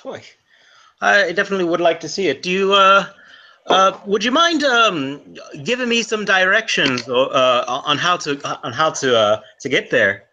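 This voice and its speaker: A man voicing a chatty, nosy Irish fellow in a tabletop game, with rambling, hesitant flattery. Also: medium pitch, moderate pace, muffled recording, voice pushed down, close to an everyday voice. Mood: fawning. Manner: rambling, hesitant, fawning politeness. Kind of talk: tabletop role-play in character.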